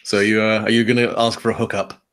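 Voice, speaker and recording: A man's voice: lowish voice, little pitch movement, fast talker, a bit bright. A man narrating a tabletop game as game master, loose and rambling. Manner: loose, rambling, full of fillers and restarts.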